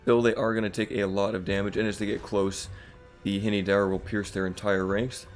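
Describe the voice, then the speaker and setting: Low-voiced man narrating strategy gameplay. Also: fairly quick, faint music behind. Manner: relaxed, rambling with fillers. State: slightly rough morning voice. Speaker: gaming channel host. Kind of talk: casual gameplay commentary.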